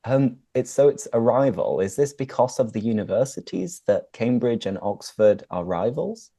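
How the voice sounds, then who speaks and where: Brief: British man, English teacher hosting a video-call chat, animated pitch, warm mellow tone, dry sound. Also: moderate pace, vocal fry, no echo. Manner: upbeat, explains idioms. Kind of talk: casual conversation for English learners.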